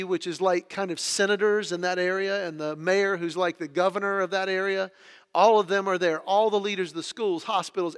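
A man with a high, bright voice tells stories to an audience, acting out each quote. His delivery is animated, with frequent restarts on words. The sound carries a long hall reverb. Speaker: speaker telling stories. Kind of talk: storytelling talk to an audience.

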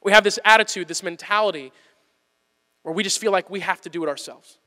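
Guy pastor preaching, bright tense voice, pretty high, earnest and repeats stuff for emphasis. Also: brisk, long reverb tail. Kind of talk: sermon.

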